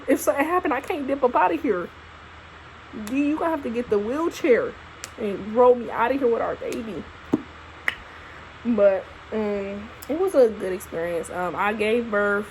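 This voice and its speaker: A young woman, a new mother casually telling her birth story to camera in an expressive, profane way. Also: a little high, normal speed, a little hiss or hum, rough recording. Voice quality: expressive, profane, animated retelling. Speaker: vlogger, new mom. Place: at home holding her baby.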